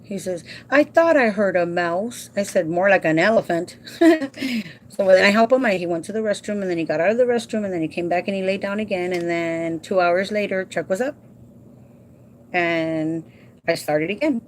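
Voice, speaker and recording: A woman's voice: medium pitch, normal speed, slight background noise. A woman in her forties, a livestream host chatting casually with viewers by name and explaining timesheets, now and then dropping into Spanish. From Southern California. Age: 40s. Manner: folksy instructional explaining.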